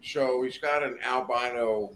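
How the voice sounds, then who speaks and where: Bright-voiced, profane male storyteller. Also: medium pitch, unhurried, a little hiss or hum. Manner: profane, animated, acts out every voice. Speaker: podcast guest. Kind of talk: casual storytelling. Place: podcast studio.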